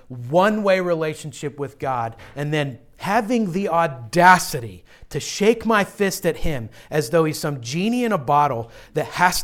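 A young man preaching a sermon as pastor, earnest and direct, often dropping to a quiet hush to drive a point home. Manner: earnest, drops to a low hush for emphasis.

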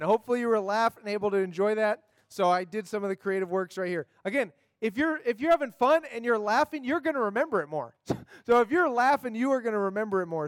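A man's voice: very high voice, no echo, clean studio sound. A man leading a group memory activity, upbeat and coaxing, checking in with the group often. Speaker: youth class leader.

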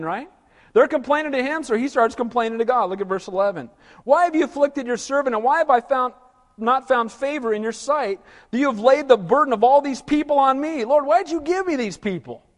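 A man preaching a sermon as pastor, animated, asking rhetorical questions and acting out whiny voices. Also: extremely high pitch, long reverb tail.

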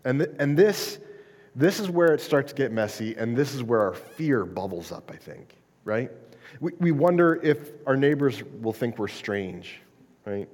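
A man's voice: medium pitch, very animated, a little slow, a little mellow, long reverb tail. A male pastor preaching a sermon in a conversational style, stumbling over restarts and often checking in with "right?".

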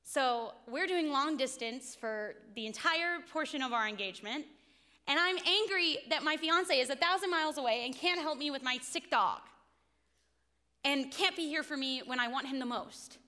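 A woman's voice: sits high, normal speed, pushed and bright, in a large hall. A woman in her twenties giving a sermon, telling a personal story in an earnest, confessional way. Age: 20s. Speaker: speaker at a faith talk.

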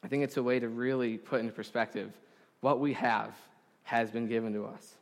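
A man preaching a sermon to a congregation, earnest and deliberate, with emphatic pauses. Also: medium pitch, fairly even intonation. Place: congregation hall. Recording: long hall reverb.

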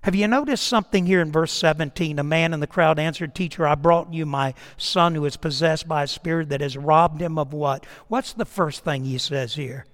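High-voiced male preacher in an echoing hall. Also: normal speed, few pauses. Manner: preaching with rhetorical questions and repetition; swings between raised exhortation and hushed near-whispers. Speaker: pastor. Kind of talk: sermon. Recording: reverberant hall.

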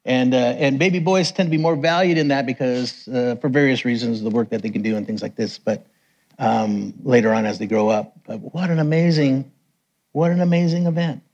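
Husky man telling sermon stories. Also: a little fast, highs cut off. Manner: animated storyteller, raises pitch for quoted voices. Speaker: missionary preacher. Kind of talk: sermon testimony storytelling.

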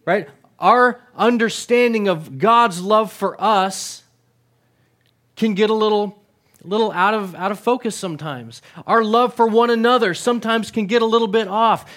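A man's voice: high-pitched, moderate pace, a bit bright. A middle-aged male pastor giving a conversational sermon, often asking the congregation questions and repeating words.

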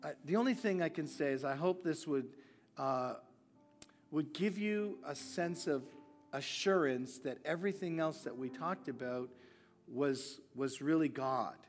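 A man's voice: on the high side, a little slow. A man preaching at a church service, telling stories from his own ministry in an earnest manner and often restarting sentences. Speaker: guest preacher. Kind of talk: sermon with personal storytelling. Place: large church hall. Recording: long church-hall reverb, faint music.

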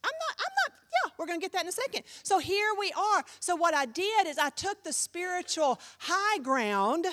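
A woman pastor preaching with lively, animated storytelling. Her voice sits high and swings widely up and down. She drops into the voices of the people she quotes. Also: normal speed, few pauses, in a large hall. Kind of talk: sermon.

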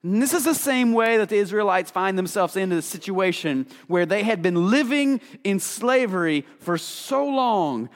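A man's voice: high-pitched, animated, normal speed, few pauses. A man preaching a conversational sermon, chatty and casual, full of fillers, acting out the voices he quotes. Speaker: pastor. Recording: long hall reverb.

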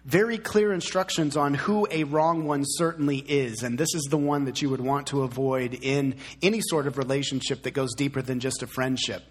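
A man's voice: mid-range voice, steady tone, normal speed, hardly any pauses, husky. A man in his thirties preaching a sermon as pastor, emphatic and fond of repeating key words.

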